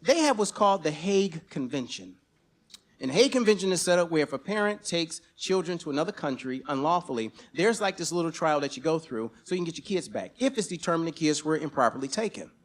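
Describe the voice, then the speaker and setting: Speaking fast in a fairly high voice, a man shares a personal story at a live storytelling show. His delivery is lively and full of swearing, with occasional bursts of shouting.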